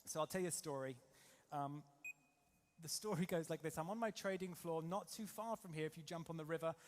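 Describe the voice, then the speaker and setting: A man from England giving an energetic motivational seminar to a live audience, quizzing the crowd with rhetorical questions. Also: fairly high pitch, a little fast, slight background noise. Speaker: trading coach and seminar speaker.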